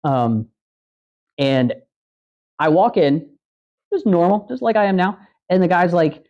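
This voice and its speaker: A man's voice: high-pitched, expressive, a little slow, long pauses, darkish tone, dull audio. A man hosting a livestream, telling rambling, profane anecdotes in a casual chat and acting out the quotes. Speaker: podcast host on a livestream.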